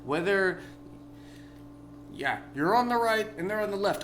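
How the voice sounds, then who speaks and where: A tipsy man delivering a rambling, profane vlog rant that bursts into yelling. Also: high voice, lively intonation, a little slow, slight background noise. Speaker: vlogger. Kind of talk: ranting vlog monologue.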